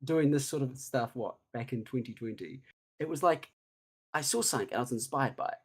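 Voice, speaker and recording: A man's voice: mid-range voice, fairly quick. A man, a guest chatting casually over a video call, self-deprecating and laughing often. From New Zealand. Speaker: guest blaster builder.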